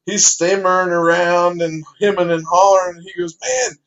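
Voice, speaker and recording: A man's voice: high-pitched, level tone, moderate pace, fairly bright tone. Folksy man spinning a yarn. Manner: folksy, rambling with fillers. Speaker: storyteller. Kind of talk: casual anecdotal joke telling. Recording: dull lo-fi recording.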